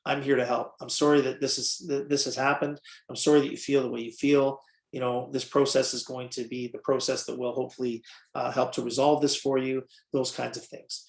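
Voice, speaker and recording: A man's voice: medium pitch, little pitch movement, fairly quick, creaky, reverberant. A man presenting a training webinar in a conversational way, with many fillers, and answering questions from the audience. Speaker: workshop presenter.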